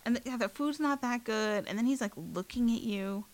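A woman's voice: a little high, normal speed. Wry, sarcastic woman. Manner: wry, sarcastic, animated storytelling. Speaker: podcast co-host. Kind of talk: casual chat.

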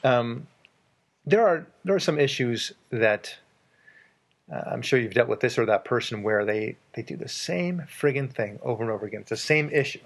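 A man's voice: mid-range voice, animated, moderate pace. A man hosting a casual advice chat, emphatic and repeating words for stress as he tells anecdotes from his work.

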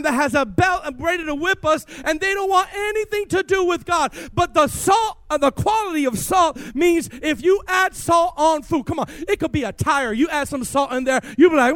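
High-voiced preacher man, dry sound. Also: moderate pace, few pauses, no room sound. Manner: energetic, call-and-response preaching. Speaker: pastor. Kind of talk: sermon. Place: church.

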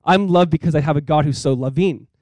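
Fast-talking, earnest man preaching a sermon. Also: a little high, a little mellow, dry recording, poor audio. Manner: conversational, earnest, fillers like 'like'. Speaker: pastor.

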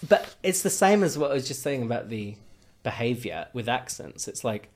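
A young man from Yorkshire with a softened Yorkshire accent, co-hosting a podcast in easy, chatty conversation. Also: medium pitch, normal speed. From Huddersfield, Yorkshire, England. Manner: chatty and animated, jumps into little acted-out exchanges. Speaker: podcast co-host. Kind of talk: casual podcast chat.

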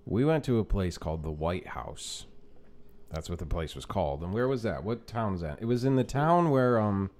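A man telling a story in casual chat, animated and profane, often laughing. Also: lowish voice, normal speed. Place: bar room.

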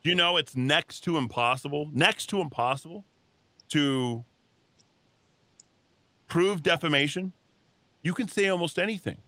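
A man's voice: fairly high pitch, unhurried, long pauses, pushed and bright, no room sound. A man hosting a talk radio show, delivering a heated, combative monologue in a radio studio. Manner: combative, heated, mocks callers with put-on voices.

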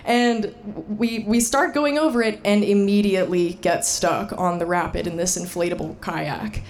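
A young woman telling a personal story to an audience, animated and laughing, with fillers and restarts. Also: medium pitch, moderate pace, a little hiss or hum. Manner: animated, laughing, shouting the quoted lines.

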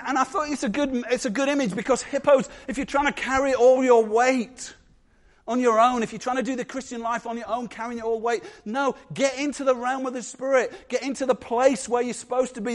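Male pastor, higher voice, animated sermon delivery with playful asides. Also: a little fast.

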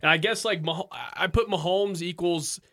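A man's voice: sits high, moderate pace, a bit bright, no echo, clean studio sound. A man co-hosting a casual sports radio show, jokey and full of playful riffs. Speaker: radio co-host.

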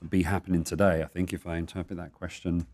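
A man's voice: low voice, little pitch movement, fast, a little mellow. A man co-hosting a talk show in a casual, easygoing way, reading viewer questions aloud.

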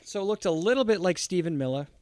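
A man's voice: high voice, animated, quick pace, darkish tone, no echo, studio quality. A man co-hosting a casual podcast, reading out a story and joking along with heavy swearing. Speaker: podcast co-host.

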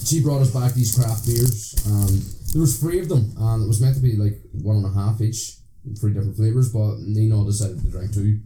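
A man co-hosting a podcast who rambles through stories in a sweary, animated way. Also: on the low side, moderate pace. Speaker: podcast co-host. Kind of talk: casual storytelling chat. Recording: echoey room with clear background noise.

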